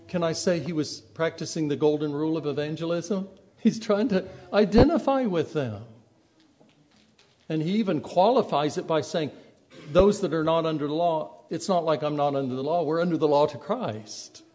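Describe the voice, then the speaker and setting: A man delivers a sermon in an easy, conversational manner, slipping into the voices of people he quotes. His voice sits a little high for a man, with a mellow, soft-edged tone. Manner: conversational, acts out quoted speech. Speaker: preacher.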